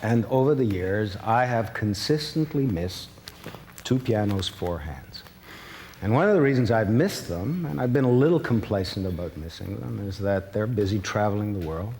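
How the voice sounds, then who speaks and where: Relaxed male conference host in a hall. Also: fairly low pitch, moderate pace. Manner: relaxed, conversational, with fillers. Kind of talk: introducing performers on stage. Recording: long hall reverb, faint noise.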